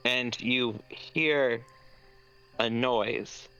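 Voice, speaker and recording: Bright-voiced male dungeon master. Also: medium pitch, very slow, clear, resonant tone, highs cut off, soft background music. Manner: loose, rambling, lots of "like". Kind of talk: narrating a tabletop game.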